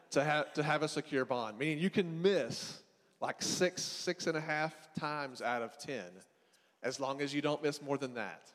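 A man's voice: medium pitch, fairly bright tone, big-room sound. A man, a counselor, giving a casual faith-based teaching talk on parenting and attachment, talking conversationally with asides and restarts. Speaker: marriage and family counselor teaching a seminar.

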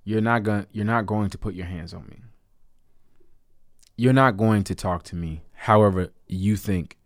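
A man's voice: on the low side, moderate pace, dry recording, studio quality. A man casually telling a personal story with jokes, often breaking into laughter. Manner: animated, joking, laughs between lines.

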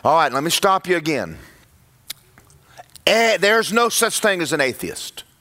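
A man preaching a sermon in a church, animated and acting out voices of churchgoers. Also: on the high side, a little slow. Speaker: pastor.

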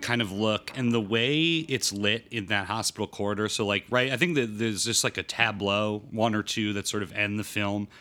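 A man hosting a casual film podcast, recapping plots in a halting way with many fillers. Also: on the low side, fairly even intonation, sharp tone. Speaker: podcast host.

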